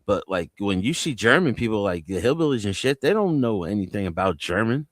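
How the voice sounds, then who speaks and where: A man's voice: on the low side, very animated, brisk, no room sound. A man from New Jersey on a live panel, telling loose stories full of street slang and swearing. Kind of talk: casual live panel chat.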